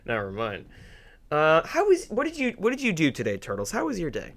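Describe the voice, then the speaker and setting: A young man hosting a podcast in casual banter, sarcastic and quick to laugh. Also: fairly high pitch. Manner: animated, jokey, sarcastic, laughs often. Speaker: podcast host.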